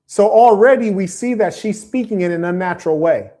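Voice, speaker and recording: A man's voice: high voice, brisk, hardly any pauses, mellow. A man hosting a livestream, delivering a preachy, combative monologue and reading out viewer comments, with emphatic repetition. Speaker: live stream host.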